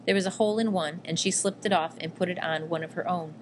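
A woman narrating a first-person memoir in a measured, quietly emotional reading. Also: lowish voice, fairly even intonation, background noise. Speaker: audiobook reader.

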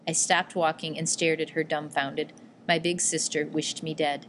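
A woman narrating a book aloud in a steady, even storytelling read. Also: sits low, measured pace, slight background noise. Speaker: audiobook narrator. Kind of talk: scripted narration.

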